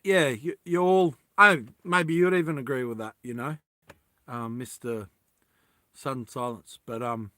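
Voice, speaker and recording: A man's voice: medium pitch, fairly bright tone, no echo. A man talking casually on a livestream, rambling and often laughing as he addresses his viewers.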